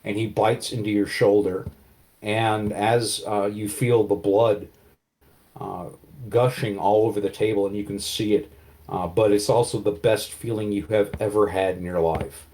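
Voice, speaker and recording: A man's voice: on the low side, fairly even intonation, unhurried, darkish tone. A man narrating as game master, in vivid, casual storytelling with many fillers.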